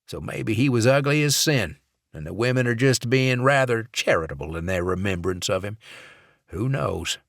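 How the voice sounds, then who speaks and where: Man voicing a ruthless male operative, calm, clipped, controlled, low, dry thriller audiobook. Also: normal speed, vocal fry, dry recording. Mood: feigned friendliness.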